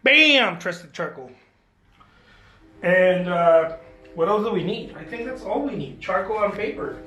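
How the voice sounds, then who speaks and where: A man's voice: high voice, moderate pace, reverberant, a little hiss or hum. A man hosting a casual art demo from his studio, chatty and jokey with playful self-mocking boasts. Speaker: artist hosting a drawing demo.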